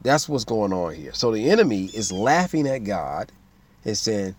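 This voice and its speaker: A man preaching a sermon in an emphatic style, swinging between loud bursts and quiet asides, with features. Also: mid-range voice, very animated, moderate pace, slight background noise.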